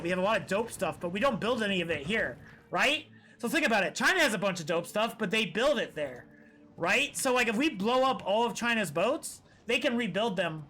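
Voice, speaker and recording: High, bright-voiced male streamer. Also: slight background noise. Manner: rambling, profane, opinionated. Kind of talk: casual live-stream chat.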